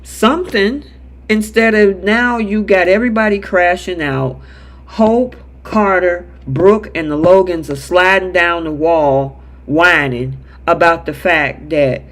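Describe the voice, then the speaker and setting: A man with a high voice runs a live soap recap chat. He talks in a casual, animated way, reading out viewer comments and acting out the characters' lines as he goes. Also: takes it slowly. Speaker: show host.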